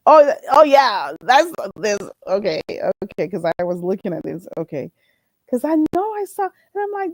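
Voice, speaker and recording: A woman hosting a casual livestream, spinning gossipy stories with lots of energy. Her voice is warm and mellow, and it sounds dry and close with no room around it. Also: sits high, dry recording, rough recording. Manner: animated gossipy storytelling, quick laughs. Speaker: livestream host. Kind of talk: casual livestream chat, reading viewer comments.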